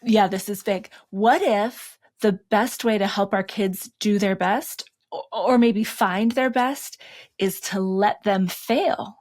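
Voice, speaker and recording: A woman co-hosting a parenting podcast, raising an idea in a playful, deliberate way. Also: medium pitch, darkish tone. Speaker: podcast co-host. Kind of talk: casual chat.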